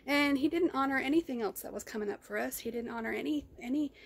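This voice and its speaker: A woman's voice: sits high, fast talker, vocal fry. A woman talking in a raw personal vlog, rambling and ranting, often repeating herself. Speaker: vlogger. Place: car.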